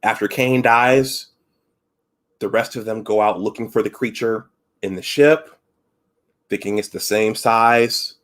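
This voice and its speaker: A man's voice: fairly low pitch, unhurried, long pauses, a bit bright. A man hosting a casual live stream, retelling film scenes with frequent restarts and acted-out quotes. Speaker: host.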